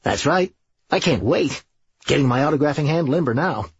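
Serge, a manic, brash schemer from an audiobook, played by a man. His voice is very husky, jumps around in pitch and races along, and the recording is dry and a bit dull. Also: lively intonation, moderate pace, no room sound, exaggerated voice. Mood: excitable.

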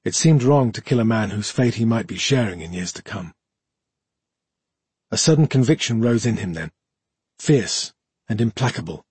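Husky-voiced male audiobook narrator. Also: lowish voice, lively intonation, normal speed, pauses often, a little mellow, dry recording.

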